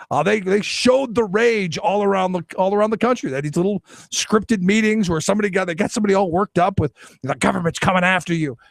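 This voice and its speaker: Animated, gravelly male talk radio host. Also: high voice, no echo. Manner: animated, sarcastic, acts out quoted voices. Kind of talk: opinionated political talk radio monologue.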